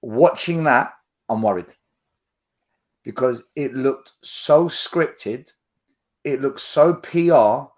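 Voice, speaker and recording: A man's voice: medium pitch, slow pace, pauses often. A man hosting a casual podcast chat, blunt and emphatic as he gives his opinions. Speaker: podcast host.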